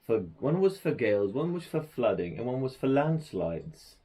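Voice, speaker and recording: A man from England co-hosting a casual podcast chat at home, jokey and animated, often laughing. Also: mid-range voice, moderate pace, low-quality recording. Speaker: podcast co-host. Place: room at home in Japan.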